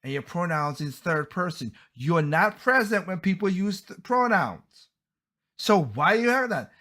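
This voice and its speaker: A man's voice: high-pitched, sing-song, unhurried, sharp tone. A man hosting a podcast, giving heated, blunt opinion commentary and often stumbling over and repeating his words. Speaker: podcast host.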